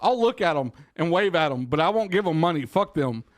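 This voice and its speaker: A man's voice: fairly high pitch, lively intonation, a little fast, no echo. A man, co-hosting a podcast and telling profane stories in casual chat while laughing often. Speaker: podcast co-host.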